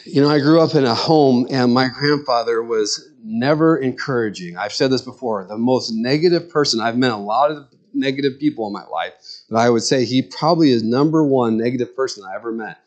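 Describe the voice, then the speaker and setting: A man's voice: mid-range voice, brisk, highs cut off. A middle-aged man, a pastor, preaching a sermon in an earnest, conversational way with personal stories.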